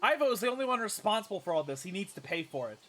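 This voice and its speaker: Man voicing a heartbroken, vengeful princess in a strategy game; bright, animated. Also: sits high, fast talker, heavily acted. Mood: grief-stricken, furious. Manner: voicing game dialogue aloud. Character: grieving angry young princess.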